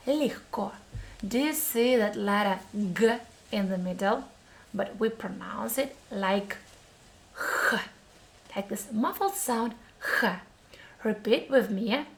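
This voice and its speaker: A woman with a Russian accent teaching a pronunciation lesson, speaking carefully and encouragingly and repeating words for practice. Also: medium pitch.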